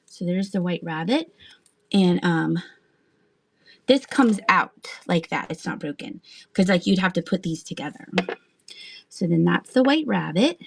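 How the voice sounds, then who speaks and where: A woman's voice: on the low side, animated, a little slow, creaky, dry recording. A woman in her thirties chatting casually while selling items on a live stream, laughing often and talking to viewers. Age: 30s. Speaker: live auction seller.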